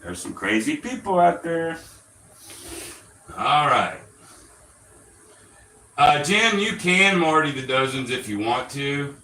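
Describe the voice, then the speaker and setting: Slow-talking blunt, profane man. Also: medium pitch, very animated, pushed and bright. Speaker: gambling show host. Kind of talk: casual instructional talk. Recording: roomy, distant mic, faint ambience.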